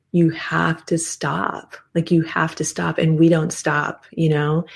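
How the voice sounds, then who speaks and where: A woman's voice: deep voice, gravelly. A woman in her fifties, a guest therapist, explaining things animatedly in a casual interview. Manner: animated explaining, frequent restarts.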